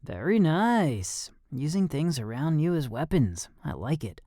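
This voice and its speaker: A man's voice: a little high, big pitch swings, measured pace, dark tone, no echo. A man voicing a confident young male combat trainer who coaches with dry teasing.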